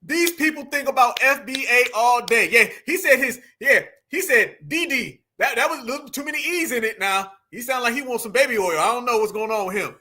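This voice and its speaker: Male reaction host, high bright voice, mocking and animated. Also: fairly quick, hardly any pauses. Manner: animated, mocking, laughing often. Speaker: commentary channel host. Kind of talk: reaction commentary.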